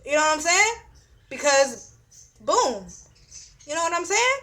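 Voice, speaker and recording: Young woman, high voice, blunt and profane, casual astrology talk with lots of filler phrases. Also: sing-song, measured pace, pushed and bright. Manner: blunt, profane, repeats "you know what I'm saying". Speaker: astrology reader.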